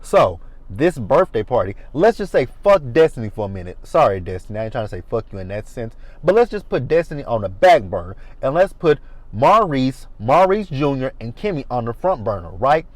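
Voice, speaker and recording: Sassy, animated man reviewing TV. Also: medium pitch, brisk, no echo. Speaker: reality TV reviewer. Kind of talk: casual commentary.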